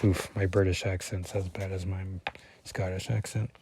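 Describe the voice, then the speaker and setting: A man's voice: low-pitched, flat delivery, normal speed, darkish tone, husky, dry recording. A man casually talking through a comic book issue as a reviewer, rambling and correcting himself often with lots of fillers.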